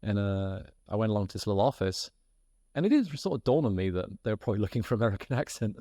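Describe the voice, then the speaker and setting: A British man, a podcast guest, telling a lively anecdote and acting out the people in it. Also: on the low side, quick pace, no echo, studio quality. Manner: lively storyteller who acts out quoted voices and laughs as he tells.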